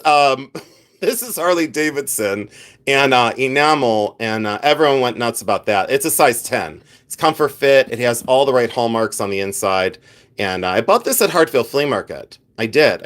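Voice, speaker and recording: A talkative man running a casual live jewelry sale at an everyday mid pitch. He rambles, answers his viewers by name and pokes fun at himself. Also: sing-song, moderate pace, fairly bright tone. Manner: chatty and rambling, talks to the viewers' chat by name; self-mocking with bursts of playful laughter. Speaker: vintage jewelry reseller hosting a live sale. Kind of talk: casual livestream selling chat.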